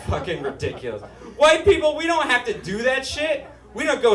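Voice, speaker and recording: A man's voice: very high voice, big pitch swings, normal speed, hardly any pauses, distant mic, a crowd in the background. A man from Utah doing a stand-up comedy set, with a nasal, whiny voice and sardonic, swearing punchlines. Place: small comedy stage with live studio audience. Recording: roomy stage with audience laughter.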